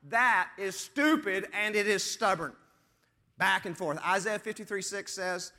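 A man preaching a sermon as pastor, moving between emphatic lines and hushed, slow stress on key words. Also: high-pitched, expressive. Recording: long hall reverb.

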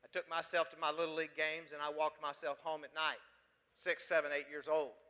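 A man's voice: on the high side, little pitch movement, a little fast, bright, forceful tone, in a large hall. A pastor from West Texas, preaching a sermon full of emphatic rhetorical questions to his congregation.

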